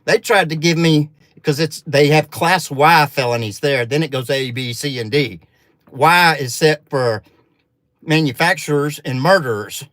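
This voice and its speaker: A Southern man from Arkansas tells a long story in a folksy drawl, full of cussing and filler words. His voice sits a bit high for a man. The sound is dry and close, with no room in it. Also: fairly bright tone, no echo. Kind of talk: casual storytelling.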